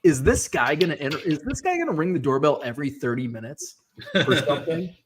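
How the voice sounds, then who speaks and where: A man telling a story casually, acting out the quoted lines with lively shifts in his voice. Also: fairly high pitch, fast talker, slightly rough. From Midwestern US. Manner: animated, acts out quoted voices. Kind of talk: casual storytelling on a live stream.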